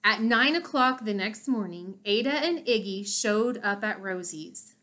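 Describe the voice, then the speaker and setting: A woman's voice: mid-range voice, lively intonation, measured pace, bright, forceful tone. A woman reading a children's chapter book aloud, stopping to explain the pictures to her listeners. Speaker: storybook reader.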